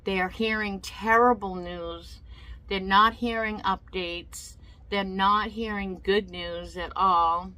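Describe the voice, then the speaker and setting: A woman's voice: mid-range voice, fairly even intonation, slow pace, sharp tone, poor audio. A woman telling a personal story in a casual vlog, emotional and indignant, often repeating herself. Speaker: vlogger.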